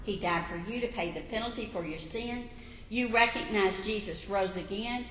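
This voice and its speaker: A woman preaching a sermon, emphatic, rising to loud peaks and telling listeners to write points down. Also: medium pitch, normal speed, slight background noise. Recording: echoey hall with long reverb.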